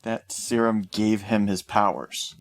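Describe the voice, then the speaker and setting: Brash, low-voiced man in a tabletop game. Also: fairly even intonation, a little slow. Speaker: player. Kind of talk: tabletop role-play, in character.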